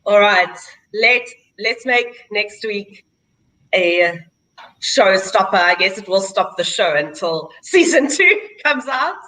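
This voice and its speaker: Slow, bright South African woman host. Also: mid-range voice, animated, rough recording. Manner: chatty, laughs often. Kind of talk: casual chat on a video call.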